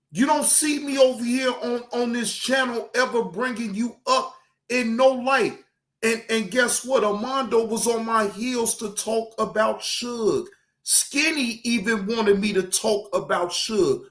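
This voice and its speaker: A man's voice: very high voice, animated, measured pace. A man hosting his channel, angrily ranting at a rival and swearing freely as he talks straight to him. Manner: angry, profane, addresses a rival directly. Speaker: streamer and channel host. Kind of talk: heated reaction rant.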